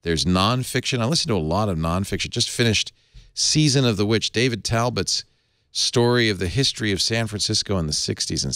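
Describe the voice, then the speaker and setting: A man's voice: low voice, fairly bright tone, no echo. A middle-aged man hosting a tech talk show, chatting casually and reading an ad with restarts and asides. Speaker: podcast host.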